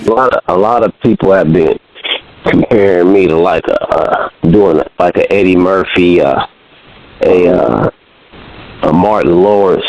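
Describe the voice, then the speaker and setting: A man being interviewed about his comedy career, speaking in a relaxed, halting way with many fillers. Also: low-pitched, no room sound. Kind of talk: casual interview. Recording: dull lo-fi radio sound.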